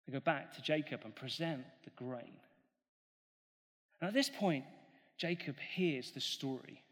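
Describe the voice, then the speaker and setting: A high-pitched man preaches a sermon, telling the story with lively energy and slipping into voices for each character. His voice rings out with the long reverb of a big hall. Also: moderate pace. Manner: animated, acts out the characters' voices.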